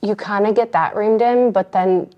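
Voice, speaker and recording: Earnest young woman guest, relaxed talk. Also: mid-range voice, normal speed, dull audio. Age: young adult. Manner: relaxed, earnest, repeats phrases. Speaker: podcast guest. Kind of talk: casual chat.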